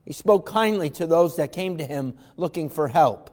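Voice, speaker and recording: Male preacher, high voice, reads old-fashioned scripture aloud, fervent questions to the congregation, long reverb. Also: animated, moderate pace, a little mellow. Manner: reads scripture aloud in King James wording. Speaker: pastor. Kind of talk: evening sermon with scripture reading. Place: church sanctuary. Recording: long reverb of a large hall.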